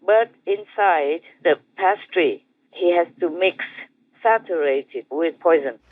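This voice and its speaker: A man with an Indonesian accent, a spiritual master telling a teaching story in a gentle, repetitive way with soft chuckles. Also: fairly high pitch, slow, no echo. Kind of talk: storytelling dharma talk. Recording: tinny phone-like dry sound.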